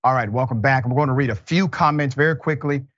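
A man's voice: mid-range voice, quick pace, a bit bright, no room sound, lo-fi sound. A man hosting a news talk show, reading viewer comments and a company statement and questioning a guest. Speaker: host.

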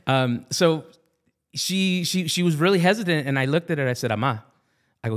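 A man's voice: a little high, normal speed. A man in his forties with a Southern California Latino accent, telling family stories as a podcast guest, acting out relatives' voices and slipping into Spanish. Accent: Southern California Latino English. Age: 40s. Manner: animated, acts out family voices, switches into Spanish. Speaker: podcast guest, Army veteran. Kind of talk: casual storytelling interview.

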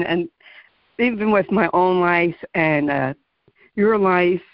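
Slow-talking New Jersey woman host. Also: mid-range voice, no echo. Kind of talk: interview conversation. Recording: dry muffled lo-fi audio.

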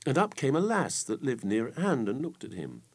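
A man reading an old folk tale aloud with lively, expressive storytelling. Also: mid-range voice, moderate pace, husky.

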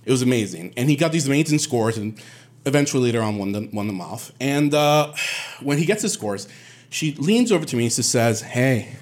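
A man from Puerto Rico telling a personal story on stage, animated and quoting others in lively bursts. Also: medium pitch, fairly quick. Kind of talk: live storytelling.

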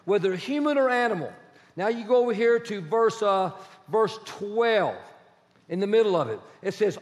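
A male pastor delivers a sermon in a notably high voice, firing questions at the congregation and stressing key words. His voice rings out in a long hall reverb. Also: moderate pace. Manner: quizzes the congregation, animated and emphatic.

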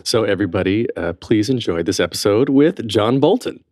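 A man hosting a theater podcast in casual chat, talkative and quick to laugh. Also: lowish voice, lively intonation, darkish tone, dry recording, clean studio sound. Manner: chatty, laughs easily. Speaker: podcast host.

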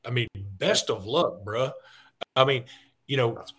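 A man with a Southern accent co-hosts a sports podcast in easy, rambling chat. He talks in a folksy way, circling back and restarting his thoughts, at an ordinary middle pitch. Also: a little slow, a crowd in the background. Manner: rambling, self-interrupting, folksy. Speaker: podcast co-host.

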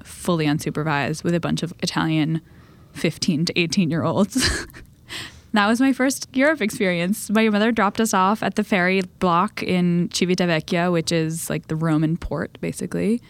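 A woman's voice: fairly low pitch, moderate pace, no room sound. A woman who is a guest editor on a casual podcast, talking playfully and laughing between phrases. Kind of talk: casual chat.

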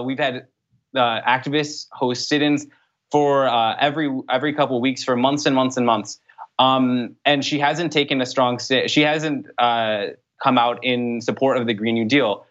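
A young man answering interview questions as a political candidate, in an earnest, brisk way with frequent fillers. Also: medium pitch, fairly bright tone. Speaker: congressional candidate. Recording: dull lo-fi sound.

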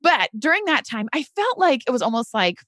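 A woman's voice: sits high, very animated, a little fast, a bit bright, dry recording, studio quality. A middle-aged woman telling her story as a podcast guest, earnest and emotional, often addressing listeners as "you guys". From United States.

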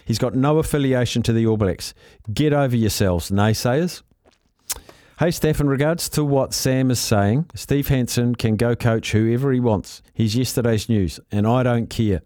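A man hosting a sports radio show, reading out listener texts and chatting with callers with quick asides. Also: medium pitch, dark tone, dry recording, clean studio sound. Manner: chatty, reads messages aloud with quick asides and laughs.

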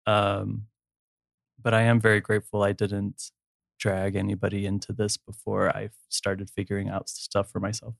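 Gravelly earnest man, dry close sound. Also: fairly low pitch, completely flat delivery, normal speed, dry recording. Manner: emotional, candid, laughs easily. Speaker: guest. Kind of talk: earnest personal conversation.

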